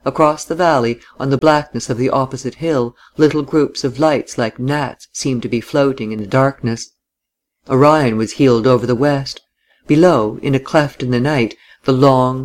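A man narrating a classic novel in a measured, deliberate audiobook style. He reads steadily and with care, letting the long descriptive sentences unfold. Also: medium pitch.

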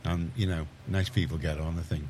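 Liverpool man, radio host, very low voice, rambling chatty talk with faint background hiss. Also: steady tone, brisk, darkish tone. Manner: rambling, chatty, many restarts. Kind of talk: casual studio chat. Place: community radio studio.

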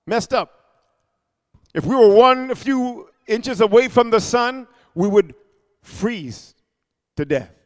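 A man preaching a sermon, calling for responses from the congregation and punching key words loudly. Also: very high-pitched, expressive, slow pace, pauses often, long reverb tail. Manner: call-and-response, loud bursts on key words.

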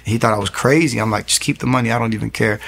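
A man's voice: lowish voice, steady tone, rapid-fire, vocal fry, fairly bright tone. A man in his thirties, a young pastor, giving an earnest, storytelling faith testimony in an interview, often restarting his sentences. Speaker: interview guest.

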